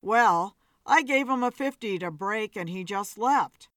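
A woman's voice: medium pitch, expressive, a little slow, a bit bright, dry recording. A woman voicing a polite, whiny, strange man in an audiobook story. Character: odd whiny man in bow tie.

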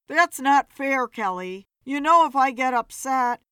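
Woman doing bitter hard-drinking guy, defensive, slow, dry mic. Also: high-pitched, expressive, bright, forceful tone, clear, resonant tone, no echo, pitched above the performer's own voice, heavily acted. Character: self-pitying hard-drinking man, adult.

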